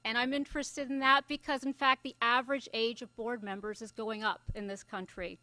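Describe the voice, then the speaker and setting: A woman's voice: a little high, level tone, brisk, bright, forceful tone, no echo. A middle-aged woman from Scotland, a journalist giving closing remarks at a conference in a loose, conversational way with fillers. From Scotland (Glasgow). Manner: conversational, thinking aloud with fillers. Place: conference venue.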